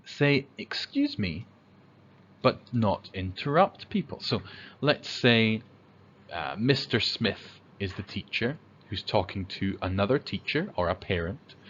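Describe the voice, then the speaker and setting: A man teaching young children about manners, speaking slowly with a lively, rising and falling pitch. He acts out the examples himself, sometimes in a high child's voice. The recording sounds slightly dull, with faint noise behind him.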